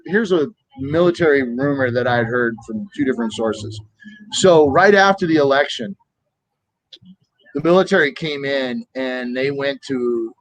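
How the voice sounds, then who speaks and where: A man in his fifties from the United States, telling animated stories in a casual political chat and acting out quoted voices. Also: mid-range voice, dry recording, rough recording. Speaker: co-host of a political talk stream.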